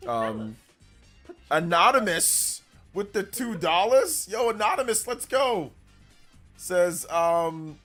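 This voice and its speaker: A man's voice: high voice, big pitch swings, takes it slowly, a bit bright, faint music behind. A man hosting a casual live stream, hyped up, reading out and thanking donors as he chats. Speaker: livestream host.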